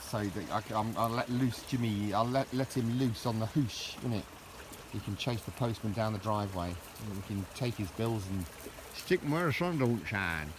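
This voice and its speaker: A middle-aged man chatting casually for his vlog, rambling and jokey with cheeky asides, recorded outdoors on a walk. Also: lowish voice. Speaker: vlogger. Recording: outdoor recording with loud background noise.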